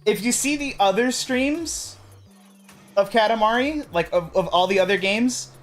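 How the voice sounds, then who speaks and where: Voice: medium pitch, unhurried, fairly bright tone, faint music behind. Rambling let's play streamer. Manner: rambling, with frequent restarts and self-corrections. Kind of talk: casual gameplay commentary.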